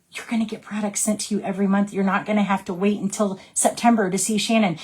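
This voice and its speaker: A woman's voice: mid-range voice, a little mellow. A woman, a direct sales team leader giving her team an upbeat, chatty training talk. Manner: upbeat and chatty, keeps checking in with "right?".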